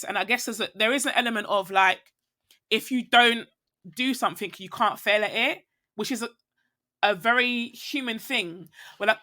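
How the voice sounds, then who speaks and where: A woman's voice: mid-range voice, normal speed, sharp tone. A woman chatting candidly as a podcast guest, rambling and reflective, with plenty of fillers and restarts. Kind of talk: casual conversation.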